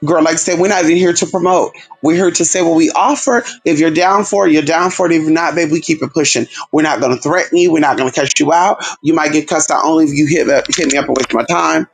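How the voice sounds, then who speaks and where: A man's voice: on the high side, fast, gravelly, hardly any pauses, slightly rough. A man hosting a casual livestream, talking sassily and animatedly to his viewers, calling them girl and honey. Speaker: livestream host.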